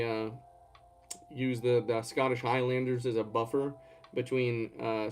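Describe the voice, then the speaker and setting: A man's voice: medium pitch, darkish tone, slight background noise. A man from Georgia, chatting casually on a live stream and answering questions in a rambling way. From Georgia, USA. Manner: rambling, reads and answers chat. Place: at home.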